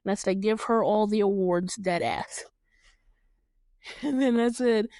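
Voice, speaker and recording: A woman's voice: mid-range voice, slow, mellow, dry recording, clean studio sound. A young woman from New York hosting a podcast, chatting casually and animatedly, laughing often and swearing freely. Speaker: podcast host. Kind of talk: casual chat.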